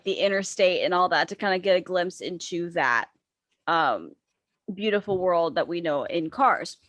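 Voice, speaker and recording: Giggly woman pitching ideas. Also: fairly bright tone, no room sound. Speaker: podcast panelist. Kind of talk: casual chat.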